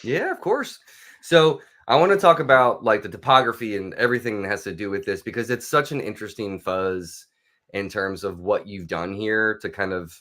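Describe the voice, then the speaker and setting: Male podcast host, hoarse and raspy while recovering, fairly low voice, chatty and excitable. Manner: chatty and enthusiastic, quick bursts of excitement. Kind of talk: casual interview chat.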